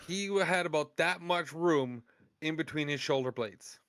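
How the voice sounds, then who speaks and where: Man, casual podcast storyteller, lots of swearing, smooth resonant voice, dry close sound. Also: fairly high pitch, normal speed, no echo. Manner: profane, animated anecdote telling. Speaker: podcast host.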